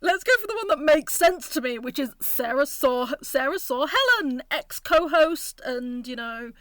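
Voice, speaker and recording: A bubbly young woman co-hosts a podcast in a loose, chatty way, saying "like" often. Her voice sits high and sounds bright. The recording is close and dry. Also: animated, normal speed, no room sound. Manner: bubbly, says "like" a lot. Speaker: podcast co-host. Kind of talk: casual chat.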